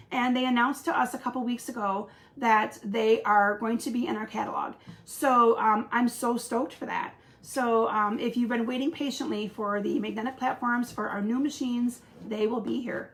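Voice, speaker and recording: A woman from Michigan runs a relaxed live craft stream, chatting with viewers and greeting them by name. Her voice sits on the high side and is slightly hoarse from a recent cold.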